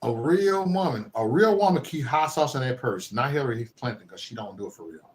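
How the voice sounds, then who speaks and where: Man from Chicago ranting with lively swings. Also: medium pitch, brisk. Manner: loud swings, bursts into yelling. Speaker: live stream host. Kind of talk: profane comedic rant.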